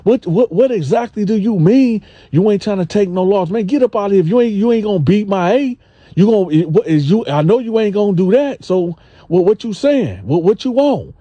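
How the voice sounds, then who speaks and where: A man voicing a hotheaded, boastful male inmate who talks loud and confrontational. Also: animated, brisk, no room sound, dull audio. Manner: pitched up high, loud and confrontational.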